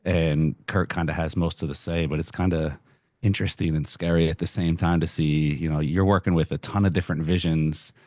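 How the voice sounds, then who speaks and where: A man's voice: a bass voice, steady tone, fairly quick, a little mellow, dry recording, studio quality. A man interviewing a guest, thinking aloud and paraphrasing the guest's points before asking. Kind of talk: casual interview.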